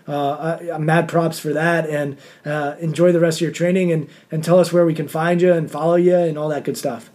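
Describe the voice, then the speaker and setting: A man's voice: a little high, a little fast, few pauses. A man hosting a podcast interview, talking casually with lots of fillers. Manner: relaxed, chatty, many fillers. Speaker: podcast host.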